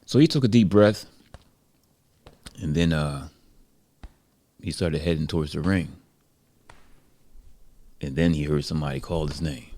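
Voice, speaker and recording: A man narrating a story casually, relaxed and reflective, with frequent conversational fillers. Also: very deep voice. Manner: relaxed, reflective, many "you know" fillers.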